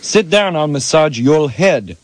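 A man voicing characters in an absurd avant-garde play with a put-on Japanese accent, reading slowly and mock-solemnly. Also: a little high, expressive, dry recording.

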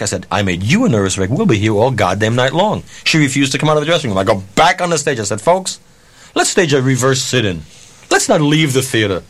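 A man's voice: medium pitch, brisk. A man, a concert promoter, telling a profane anecdote and acting out the dialogue. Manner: animated, profane, acts out dialogue. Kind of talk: storytelling anecdote.

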